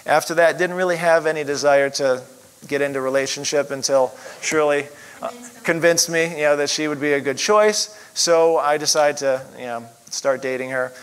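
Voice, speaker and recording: Middle-aged man, fairly high voice, casual rambling testimony, filler-heavy. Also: normal speed, clear, resonant tone, rough recording. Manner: rambling, lots of "you know" fillers. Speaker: chiropractor sharing testimony.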